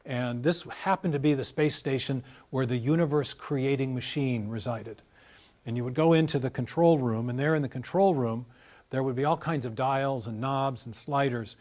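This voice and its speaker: A middle-aged man talking at length in an interview, in a measured, explanatory way, walking through illustrative stories. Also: mid-range voice, a little mellow. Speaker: guest scholar.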